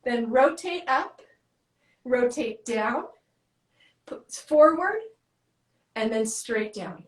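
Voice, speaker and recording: A woman fitness coach talks someone through an arm workout with brisk, encouraging step-by-step cues. She is out of breath. Her voice is high and rings in an echoey room. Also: lively intonation. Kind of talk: guiding a workout.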